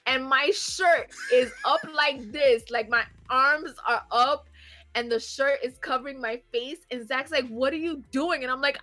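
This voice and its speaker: A woman in her thirties telling a rowdy story in casual chat, animated and swearing, laughing as she goes. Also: high-pitched, a little slow.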